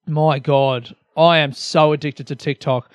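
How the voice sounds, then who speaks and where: A man's voice: fairly high pitch, steady tone, measured pace, no echo, studio quality. A young Australian man hosting a solo comedy podcast, rambling energetically with lots of swearing and self-mockery.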